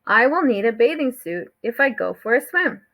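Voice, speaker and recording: A cheerful storybook duck getting ready for a trip, read by a woman in a plain, friendly way. The voice is bright. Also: a little high, animated, normal speed.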